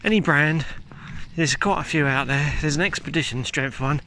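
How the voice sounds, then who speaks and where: This vlogger talks candidly on a relaxed stroll through the countryside, holding the camera himself as he walks. He speaks at a moderate pace in a fairly high, bright, forceful voice. There's a touch of hiss or hum and faint sound from outdoors.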